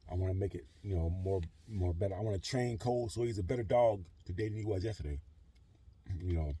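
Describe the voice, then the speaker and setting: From his truck camper in a trailer park, a middle-aged vlogger delivers a rambling monologue full of "you know" and "whatever." His voice is low, mellow, and husky, and he talks quickly.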